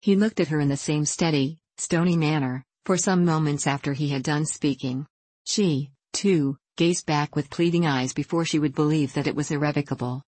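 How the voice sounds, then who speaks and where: A woman narrating a classic novel as an audiobook in a calm, even reading. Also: low voice, normal speed, dry recording.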